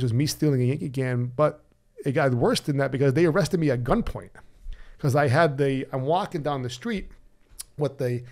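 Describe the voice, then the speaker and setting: Man, podcast guest, candid storytelling, blunt, swears, mid-pitched voice. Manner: animated, blunt, swears freely; acts out remembered dialogue.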